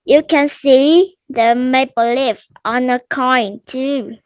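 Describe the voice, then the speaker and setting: A high-voiced woman student with Vietnamese as her first language reads aloud for an online speaking test. She goes very slowly and carefully through the text, and her headset voice comes through dry and close. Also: steady tone, no room sound, lo-fi sound. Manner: shy, terse answers, careful halting reading. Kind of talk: reading a passage aloud for a test. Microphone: headset on a video call.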